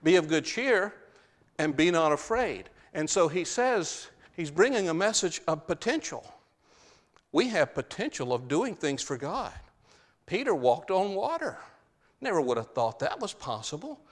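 Man, preacher, sermon, emphatic repetition, somewhat high voice, reverberant hall. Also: very animated, unhurried. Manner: emphatic, repeats key phrases for stress.

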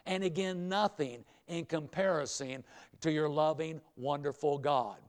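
A man's voice: on the high side, a little slow. A man preaching a sermon to a hall audience in a folksy way, repeating phrases for emphasis and leading call-and-response. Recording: long hall reverb.

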